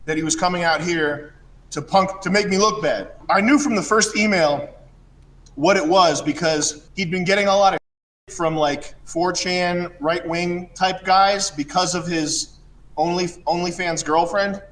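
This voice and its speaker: A man hosting a casual chat, rambling and mocking, sometimes breaking into shouted rants. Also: high-pitched, unhurried, a little hiss or hum. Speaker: show host.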